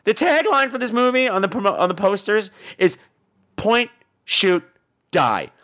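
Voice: mid-range voice, big pitch swings, measured pace, a bit bright. A podcast host giving a casual movie review in a sarcastic, exasperated rant.

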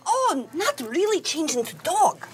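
A flustered young woman stumbling over her words, as a man puts her on in falsetto. The pitch is very high and swings widely. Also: sing-song, measured pace, heavily acted.

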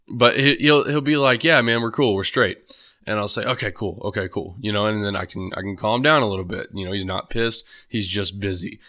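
A man's voice: lowish voice, pushed and bright. A young man talking alone on his podcast, rambling casually with many fillers and restarts. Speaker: podcast host. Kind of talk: solo podcast monologue.

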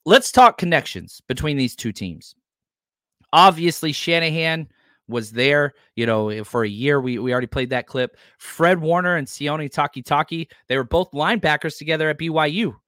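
A man with a slightly high-pitched voice hosts a casual sports podcast, excitable and animated as he runs through matchups. The sound is dry and close to the mic. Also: no room sound. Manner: excitable, animated, reads live comments. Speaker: podcast host.

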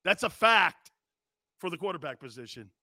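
A man hosting a sports talk show, talking loudly and brashly and often breaking into shouts. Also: high voice, expressive, moderate pace, dry recording, clean studio sound. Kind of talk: ranting sports talk monologue.

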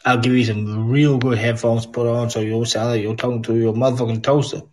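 A man's voice: mid-range voice, flat delivery, fairly quick, slight background noise, low-quality recording. A Scottish man hosting a casual podcast call, blunt and teasing, swearing freely.

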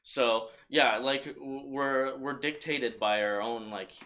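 A man talking as a podcast guest, reflective and hedging, thinking out loud with lots of "like" and restarts. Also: mid-range voice, steady tone, slow. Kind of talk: casual podcast chat.

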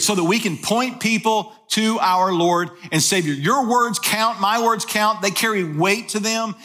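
A man's voice: high-pitched, bright, forceful tone. A man preaching a sermon in a conversational way, asking the listeners rhetorical questions. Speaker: pastor.

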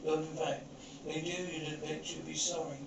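A possessive menacing mind-reader. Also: male voice, fairly high pitch, level tone, a little fast, creaky, reverberant, far from the mic, background noise. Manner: coaxing threats. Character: menacing possessive male stage mind-reader, controlling and cruel. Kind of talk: 1980s TV horror drama acting.

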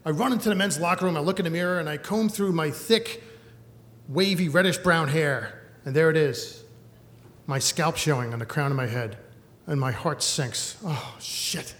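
A man in his thirties telling a comic personal story live on stage, wry and animated. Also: a little high, moderate pace. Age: 30s. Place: stage in a hall. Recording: echoey hall, faint noise.

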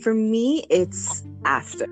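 A woman's voice: a little high, very animated, takes it slowly, faint music behind. A woman newborn photographer chatting in an interview, laughing easily and acting out what people say. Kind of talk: casual interview chat.

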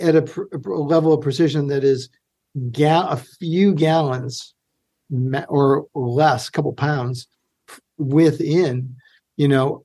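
A man's voice: fairly high pitch, dark tone. A man speaking as a podcast guest in casual chat, eager and joking. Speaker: guest, spirits producer.

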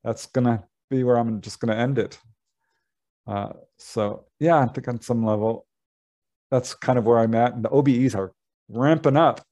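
A man guest on a podcast interview, animated and laughing often as he talks through his experiences. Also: medium pitch, moderate pace. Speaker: guest author.

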